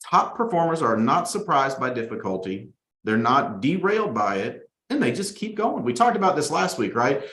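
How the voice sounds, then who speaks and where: A man hosting a weekly motivational talk to his sales team, energetic and fond of mocking complainers in whiny voices. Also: mid-range voice, normal speed, echoey room. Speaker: host and sales team leader. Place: studio.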